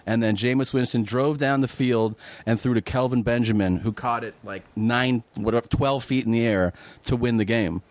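A man guesting on a podcast, recounting a sports moment in animated, detailed casual chat. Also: medium pitch, moderate pace, few pauses, dry recording. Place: home man cave.

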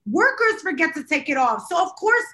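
Woman podcast co-host, high bright voice, rambling and exasperated, casual. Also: big pitch swings, moderate pace. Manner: rambling, self-deprecating, exasperated storyteller.

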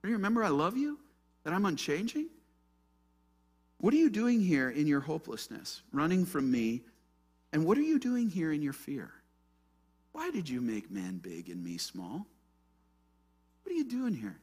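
A man preaching who voices God as soft and tender, asking questions without condemnation. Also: fairly high pitch, huge pitch swings, normal speed, pauses often, breathy edge, voice pushed up, heavily acted. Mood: gentle. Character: gentle, loving God speaking softly to a prophet. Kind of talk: sermon with acted quotes.

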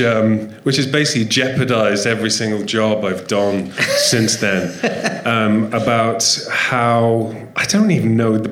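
A man's voice: medium pitch, fairly bright tone. A man guesting on a live comedy podcast, talking in a hesitant, rambling way and restarting his thoughts. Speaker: podcast guest, comic actor. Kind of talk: live interview chat. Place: theatre stage with a live audience. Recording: roomy theatre sound.

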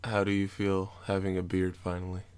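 A man's voice: sits low, monotone, brisk, darkish tone, clean tone. A young man hosting a casual recorded chat, rambling and teasing with jokes. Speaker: podcast host.

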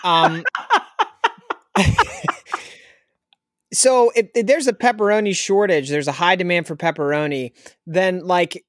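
Male co-host, slightly high voice, dry sound; relaxed, halting, jokey chat. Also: no room sound. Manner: easygoing, hesitant, joking. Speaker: podcast co-host. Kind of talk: casual chat.

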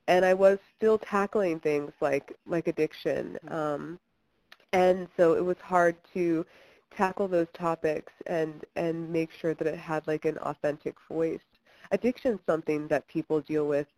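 A woman's voice: low voice, fairly even intonation, a little slow, a little mellow, no room sound, rough recording. A young woman from Kentucky, a filmmaker guest in an interview, talking chattily with many fillers and restarts. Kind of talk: interview conversation.

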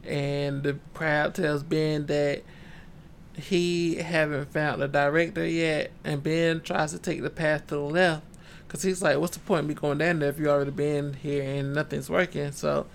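A man's voice: fairly high pitch, flat delivery, a little slow, gravelly, a little hiss or hum. A man co-hosting a casual book-club podcast, retelling a story in laid-back slang and acting out the characters' lines. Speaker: podcast co-host.

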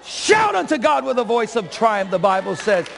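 Fervent gravelly-voiced preacher in reverb. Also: male voice, high-pitched, normal speed, a crowd in the background, background noise. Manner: fervent preacher, swings from soft to shouting; self-described shouter and crier. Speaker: pastor. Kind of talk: sermon. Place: church sanctuary.

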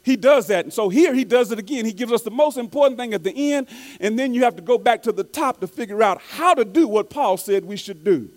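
A man preaching a sermon, reading quotes slowly and repeating key phrases for emphasis, with frequent restarts. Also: extremely high pitch, animated. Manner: stumbles and restarts often.

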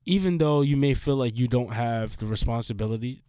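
A man hosting a podcast in casual chat, rambling and emphatic with many restarts, his voice a little hoarse. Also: medium pitch, a little fast, mellow, no room sound. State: slightly hoarse. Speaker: podcast host.

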